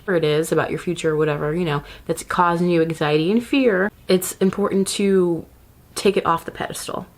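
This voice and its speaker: A woman vlogger giving casual self-care advice to camera, chatty and often laughing, with quick asides. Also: fairly low pitch.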